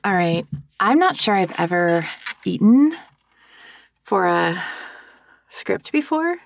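A woman's voice: mid-range voice, very animated, slow pace, vocal fry. A woman speaking out of character to her listeners, chatty and a little self-conscious, close to a sensitive microphone. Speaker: audio role-play performer. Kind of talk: casual aside to listeners.

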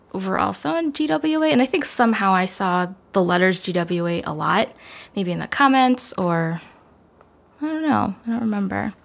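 A woman chatting casually on a podcast, rambling and prone to giggles. Her voice has a gravelly fry running through it, and she sits at a middle pitch for a woman. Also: a bit bright. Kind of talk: casual chat.

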